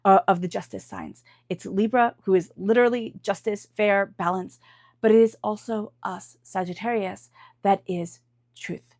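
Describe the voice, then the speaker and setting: A woman's voice: mid-range voice, lively intonation, moderate pace, a little mellow, dry recording, clean studio sound. A woman giving an intuitive tarot reading, chatty and earnest, often adding "like" and "right?". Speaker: tarot reader.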